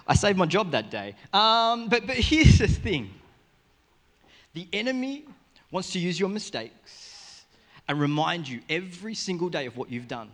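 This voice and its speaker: An Australian man preaching a sermon to a congregation, joking and telling stories with sudden swings between loud and soft. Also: sits high, very animated, a little slow. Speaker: pastor. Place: church service in front of a congregation.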